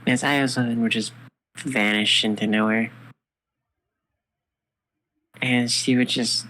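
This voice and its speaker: A woman's voice: rumbling low, fairly even intonation, moderate pace, a bit bright, rough recording. A woman improvising a fan story aloud with a partner, narrating and voicing characters in a loose, casual way.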